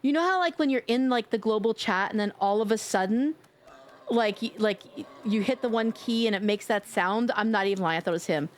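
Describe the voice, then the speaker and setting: A woman's voice: mid-range voice, a little fast. A young woman with a New York accent, chatting playfully on a live stream, joking, swearing and laughing often. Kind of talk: casual live-stream chat.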